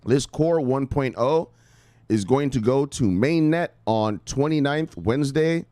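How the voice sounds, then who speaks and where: Hosting a crypto stream, a middle-aged American man chats loosely and brashly, cursing, joking, and yelling "bang" at his viewers' names. His ordinary-pitched voice is smooth and clear, animated but a touch slow. The sound is dry and close-miked, with no room echo.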